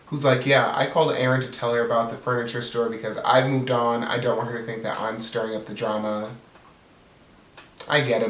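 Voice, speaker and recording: A man's voice: mid-range voice, fairly bright tone, echoey room, recorded from a distance, rough recording. A man giving a casual, snarky, profane recap of a reality TV episode as host. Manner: snarky, profane, bored-sounding commentary.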